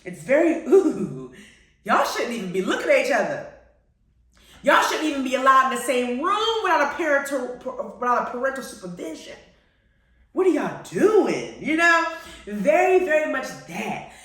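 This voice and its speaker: A woman hosting a live-streamed TV review chat, gushing and animated and calling her listeners honey and y'all. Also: high-pitched, normal speed. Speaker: host. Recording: very echoey room, far from the mic.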